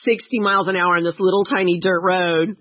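A woman's voice: lowish voice, steady tone, fairly quick, highs cut off. A woman co-hosting a podcast, telling a travel story in casual chat, laughing often and acting out quotes. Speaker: podcast co-host.

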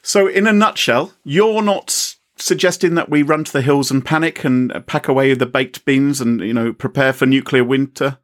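A man's voice: medium pitch, moderate pace, hardly any pauses. A man co-hosting a casual chat, jokey and exclamatory. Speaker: podcast co-host.

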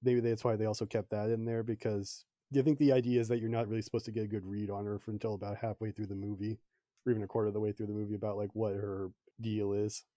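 Relaxed male guest, mellow even voice, dry close mic, thoughtful and hedging. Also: fairly low pitch, fast, no room sound. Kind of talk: casual film discussion.

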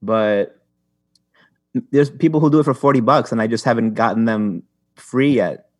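A man's voice: medium pitch, moderate pace, no room sound, studio quality. A young man telling stories in a rambling way as a podcast guest, with many restarts and fillers. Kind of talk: casual chat.

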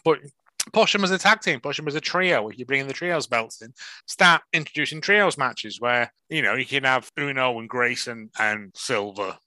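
Male podcast co-host, very bright voice, lively pitch, dry close mic, swears and laughs. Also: normal speed, no room sound. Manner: animated, swearing, restarts and laughs. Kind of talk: casual wrestling chat.

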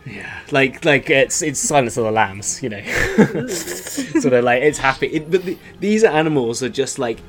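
A man's voice: mid-range voice, big pitch swings, measured pace, over music. A man, the host and dungeon master of a tabletop game show, talking in a rambling way full of "like" and "sort of". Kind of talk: casual game narration and outro chat.

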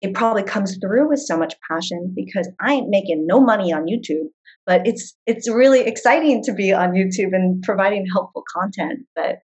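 Husky, enthusiastic woman guest. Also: medium pitch, fairly quick, darkish tone, lo-fi sound. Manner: passionate and enthusiastic. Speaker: guest, travel video creator. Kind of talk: casual interview chat.

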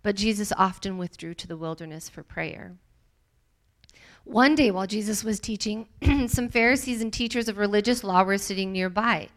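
A woman leads a Bible study by reading scripture aloud and adding her own comments. Her voice sits in a middle pitch, and her delivery is expressive, rising in the quoted lines. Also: normal speed.

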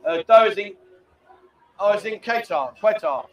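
Chatty man, high voice. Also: normal speed. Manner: chatty, reads viewer messages aloud, calls people mate. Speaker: livestream host. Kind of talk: casual live-stream chat. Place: lounge bar.

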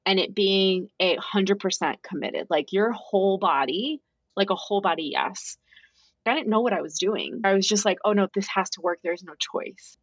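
A young adult woman, a podcast guest, telling her story in a casual, animated way and acting out what she and others said. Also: mid-range voice, normal speed, breathy edge, no room sound, dull audio. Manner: animated, quotes herself and others in lively voices.

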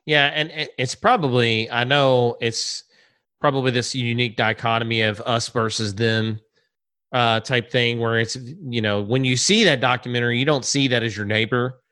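A man's voice: medium pitch, steady tone, moderate pace, bright, forceful tone, clear, resonant tone. A man hosting a casual conversation, curious and asking probing questions.

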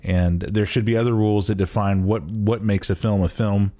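A man's voice: on the low side, fairly even intonation, normal speed, dark tone. A man hosting a podcast in casual chat, rambling and poking fun at himself as he talks. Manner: rambling, self-mocking, trails off and restarts. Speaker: podcast host.

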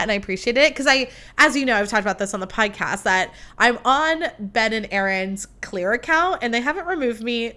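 A young American woman hosts her podcast in loose, chatty talk, swearing often and filling every sentence with likes. Her voice sits a little high and sounds bright and clean. She makes fun of herself as she goes. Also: smooth. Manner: chatty, swears freely, full of likes, self-mocking. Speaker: podcast host. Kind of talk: casual chat.

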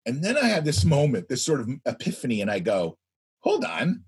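A man in his fifties, a guest telling a story in a loud, animated way. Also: mid-range voice, quick pace, husky. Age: 50s. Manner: animated, speaks loudly. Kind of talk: anecdotal storytelling.

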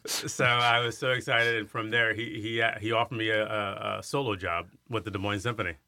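Guy in his 50s from iowa, super bright forceful voice, tells stories animated, dry close mic. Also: on the low side, fairly quick, clear, resonant tone, no echo. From Iowa, USA. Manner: animated storyteller who acts out quoted voices. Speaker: guest, singer and arts center director. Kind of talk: storytelling in an interview.

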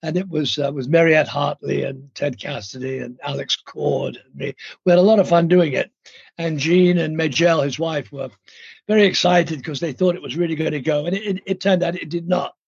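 A man's voice: a little high, steady tone, normal speed, creaky, slightly rough, no room sound, highs cut off. An older man from India, a guest actor telling stories in a rambling, hesitant way with many ums and restarts, heard over a remote line. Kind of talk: casual interview storytelling. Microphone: remote call line.

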